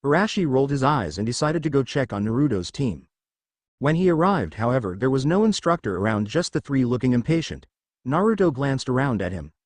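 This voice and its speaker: A man's voice: mid-range voice, sing-song, brisk, dry recording. A man narrating fan fiction as a storyteller.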